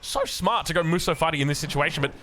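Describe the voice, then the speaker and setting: A young Australian man casting a strategy video game match, getting excited and rising in pitch as the action picks up. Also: quick pace, a little hiss or hum. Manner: excitable, rises sharply when action picks up. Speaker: game caster. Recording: faint music behind.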